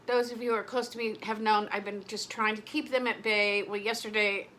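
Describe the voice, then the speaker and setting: A middle-aged woman chats casually in a vlog, rambling and emotional and often cutting herself off mid-sentence. Her mid-range voice is fairly bright and level in tone, and she talks briskly over slight background noise.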